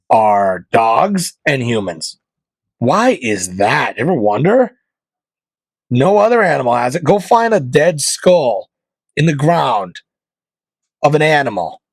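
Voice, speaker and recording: A male podcast host rants in a comedic monologue, hammering his points home with loud bursts and then dropping to low, muttered asides. His voice sits at an ordinary middle pitch and sounds close and dry, with no room echo at all. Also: slightly rough. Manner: opinionated, emphatic, jumps between loud punchlines and low mutters.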